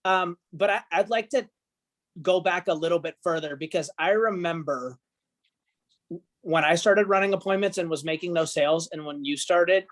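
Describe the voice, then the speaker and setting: A man's voice: sits high, normal speed. A man leading the interview as host, asking questions and coaching in an encouraging way with everyday analogies. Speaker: team leader and host.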